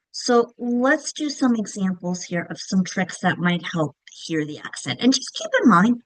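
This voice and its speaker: Speaking at a medium pitch, a woman patiently teaches teachers how to instruct reading, checking in again and again with "okay?" and "right?". She demonstrates words through whispers, claps and call-outs, captured in a dry, low-quality recording.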